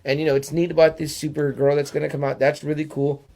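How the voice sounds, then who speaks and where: Gravelly, excitable podcast co-host. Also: male voice, on the high side, fast talker. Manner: excitable, heavy swearing, animated retelling. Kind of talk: casual chat.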